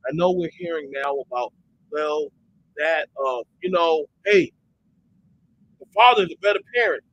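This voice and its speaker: Profane, animated man with a bright, lively voice. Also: fairly high pitch, normal speed, muffled recording, a little hiss or hum. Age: adult parent. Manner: profane, emphatic, animated, mimics others in quotes. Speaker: online talk show host. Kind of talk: heated casual rant.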